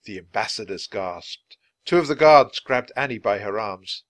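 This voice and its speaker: Male storybook reader, clear and animated. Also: lowish voice, moderate pace, no echo. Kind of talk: reading a children's book aloud.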